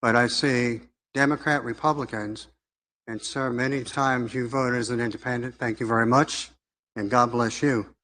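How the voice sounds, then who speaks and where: A man's voice: mid-range voice, fairly even intonation, normal speed, sharp tone, slight background noise. A man giving a rambling, earnest public comment at a city council meeting, with a preacherly tone. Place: council chamber.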